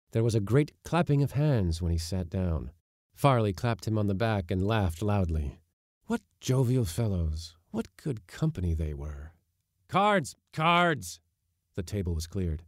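Man, low mellow voice, measured storytelling, audiobook narration, dry close sound. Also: no echo.

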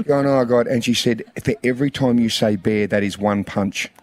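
A man's voice: on the low side, moderate pace. Chatty Australian male radio host. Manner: chatty storyteller, mimics his daughter. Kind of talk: casual radio banter.

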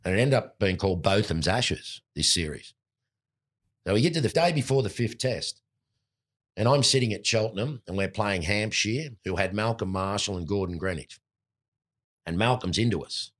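Deep-voiced Australian man telling stories. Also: normal speed. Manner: animated anecdotes, mimics voices in quotes. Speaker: former cricketer, guest. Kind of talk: storytelling interview.

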